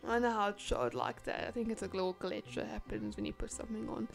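A woman who is sick chats excitedly as she plays and reads the game text aloud. Her voice sits slightly high. Soft game music plays faintly underneath. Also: fairly quick, gravelly. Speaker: gaming channel host. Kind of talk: casual gameplay commentary.

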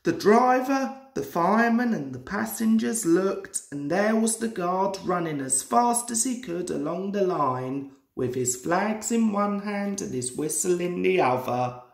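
A man's voice: high voice, gravelly. A young man in his twenties reading a children's storybook aloud as a storyteller. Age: 20s. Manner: slow, lively storybook reading. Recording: roomy echoey room.

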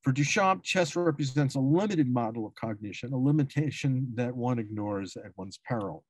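Reading aloud from a dense academic paper at a symposium, this man trips over long words and keeps correcting himself and starting again. He has a mid-range, animated voice at a moderate pace, recorded without echo.

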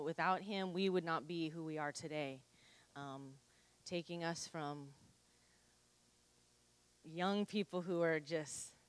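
A pastor's wife greeting the congregation and leading prayer in an earnest, soft-spoken way. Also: female voice, fairly low pitch, no echo. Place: church.

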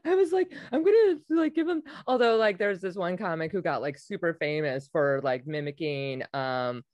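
A woman hosting a casual podcast chat, talking bluntly with lots of swearing and loud laughter. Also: lowish voice, animated, normal speed, no echo. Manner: profane, blunt, laughs loudly. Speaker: podcast host; comedian.

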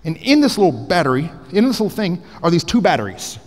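A pastor with a high-sitting male voice delivers a fast sermon in a large hall through a headset mic. He's energetic and playful in the big church auditorium, raising his voice to shouts when he wants to drive a point home.

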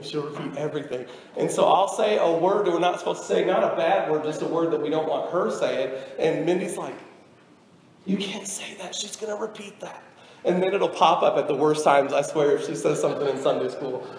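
Young male preacher, high-pitched and earnest; echoey sanctuary, light room noise. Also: a little mellow. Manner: earnest, conversational preaching with rising emphatic exhortations. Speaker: pastor. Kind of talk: sermon. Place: church sanctuary. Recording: echoey church hall with reverb.

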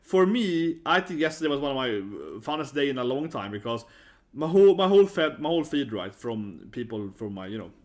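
A man's voice: big pitch swings, fairly quick. A Swedish man, a native Swedish speaker, talking casually to camera in English in a rambling way, often tagging "right?" onto his sentences and restarting them. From Sweden. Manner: gets louder and higher when amused. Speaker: vlogger.

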